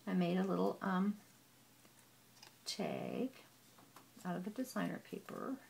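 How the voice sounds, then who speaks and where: A woman casually walking through a handmade scrapbook album, chatty and gushing, with frequent "um" pauses. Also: fairly low pitch, wildly swooping pitch, gravelly, a little mellow, husky. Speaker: papercraft hobbyist.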